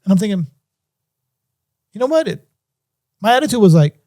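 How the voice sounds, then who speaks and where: A man's voice: high-pitched, big pitch swings, normal speed, dark tone. A middle-aged man and music producer telling a story in an interview, acting out phone calls in different voices.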